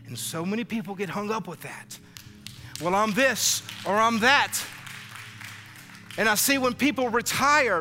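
Male pastor, high bright voice, animated sermon, echoing church hall with faint music. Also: normal speed. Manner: animated preaching, acts out biblical dialogue. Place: church sanctuary.

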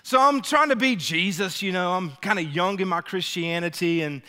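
A man preaching to his congregation, energetic and full of calls for a response. His voice sits high and sounds bright. A long reverb from the church hall follows every line. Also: moderate pace. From Louisiana, US. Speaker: lead pastor. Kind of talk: sermon with storytelling.

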